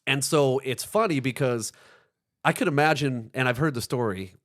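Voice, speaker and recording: Male guest, mid-pitched, animated storyteller who laughs easily, casual chat. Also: moderate pace. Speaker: podcast guest. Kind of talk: casual conversation.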